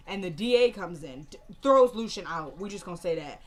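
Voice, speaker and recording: A woman's voice: medium pitch, expressive, a little fast. A woman casually recapping a TV drama episode, retelling scenes by quoting the characters and filling the gaps with "like" and "you know".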